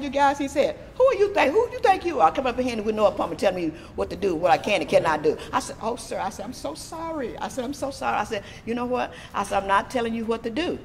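Middle aged texas woman telling her story, animated and chatty, bit of hiss in the background. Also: medium pitch. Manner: lively, animated retelling with laughter. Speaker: disability advocate. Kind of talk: storytelling interview.

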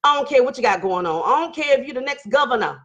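A woman's voice: sits high, animated, quick pace, muffled recording. A middle-aged woman hosting a live online talk show, reading viewer comments and preaching with fired-up energy, hollering at times.

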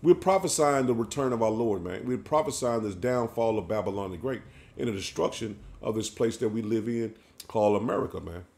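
A man's voice: on the low side, fairly quick, gravelly, a little mellow. A man preaching an emphatic sermon, often ending his phrases with "man". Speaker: street preacher.

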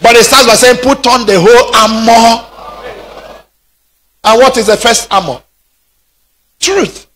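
A man preaching a sermon, rising into shouted peaks. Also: extremely high pitch, measured pace, long pauses, slight background noise. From Nigeria. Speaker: pastor.

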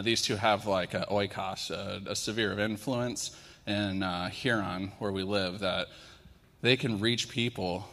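Emotional preacher with a gravelly voice. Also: male voice, fairly low pitch. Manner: emotional, tender, soft-spoken. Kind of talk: sermon with worship prayer. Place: church sanctuary. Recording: long hall reverb in church.

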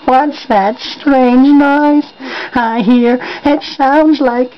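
Woman voicing a high, slow, sulky dinosaur, dull lo-fi home recording. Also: steady tone, slight background noise. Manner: indignant, sulky, wailing complaints. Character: angry, whiny male dinosaur homeowner. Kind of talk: homemade toy comedy skit.

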